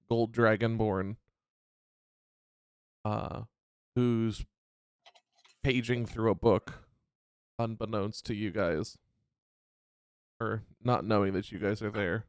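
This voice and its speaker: Guy running a tabletop game, kinda hesitant describing stuff, smooth clear voice, dry. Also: fairly low pitch, darkish tone, dry recording. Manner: descriptive, hesitant narration with restarts. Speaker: game master.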